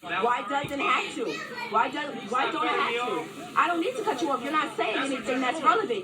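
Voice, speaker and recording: A defiant woman with a high voice argues with police, swearing and repeating herself. She is picked up from a distance, with a crowd and loud noise all around her. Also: expressive, normal speed, loud music behind the voice. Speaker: citizen filming a police stop. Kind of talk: heated street confrontation.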